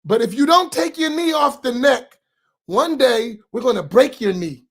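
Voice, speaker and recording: A man with an American accent, an imam preaching a sermon with rising shouts and repeated rhetorical questions. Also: extremely high pitch, animated, moderate pace. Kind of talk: impassioned sermon.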